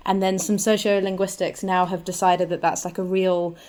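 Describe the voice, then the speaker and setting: A woman, a comedian guest on a panel, talking quickly and chattily with laughing asides. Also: fairly low pitch, flat delivery, a little mellow. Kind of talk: comic panel banter.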